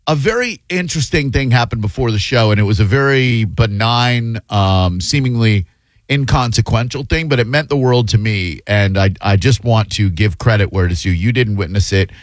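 Low-voiced man in his fifties hosting radio. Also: animated, normal speed, dry recording. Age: 50s. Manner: rambling, self-deprecating anecdotes with fillers. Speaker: fill-in talk radio host. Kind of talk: casual radio chat and storytelling. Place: radio studio. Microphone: studio broadcast mic.

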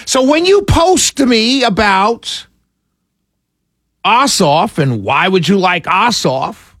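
A man hosting a political talk radio show, passionate and often yelling, with sarcastic asides, speaking close into a studio mic. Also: high voice, animated, slow, no room sound. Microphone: studio mic right in front of him.

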